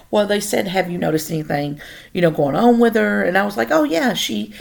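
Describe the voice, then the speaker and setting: A woman's voice: sits low, creaky. A woman hosting a podcast alone, chatting and rambling through personal stories, swearing casually. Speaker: podcast host. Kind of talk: casual solo storytelling monologue.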